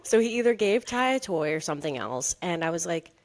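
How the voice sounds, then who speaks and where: This is a woman in her thirties with a low voice, co-hosting a casual podcast. She tells stories in a loose, rambling way and fills her talk with "like". Her delivery is relaxed and conversational. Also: fairly quick. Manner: chatty storyteller, many "like" fillers. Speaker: podcast co-host. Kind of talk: casual chat.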